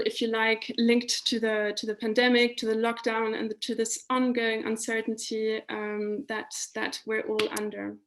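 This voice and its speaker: A woman health and life coach, patiently explaining a technique in a guided coaching session over a video call. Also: a little high.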